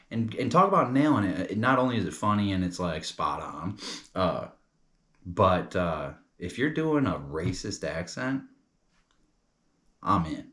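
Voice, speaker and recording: A man's voice: sits low, big pitch swings, a little slow, a bit bright. A young man from New York chatting casually as a comedy reviewer, rambling and loose, calling people bro and dude.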